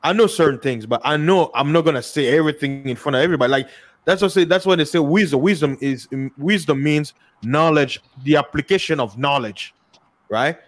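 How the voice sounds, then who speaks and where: A man's voice: fairly high pitch, fairly quick. A man from Congo with a Congolese accent, talking casually as a podcast guest. He often repeats words and acts out both sides of the dialogue when he tells a story. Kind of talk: casual discussion.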